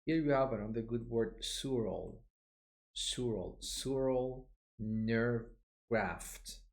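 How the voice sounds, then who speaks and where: A man teaching medical vocabulary in a recorded online lesson, explaining each term and repeating it slowly for pronunciation, with frequent "uh" fillers. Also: on the low side, creaky, a little mellow.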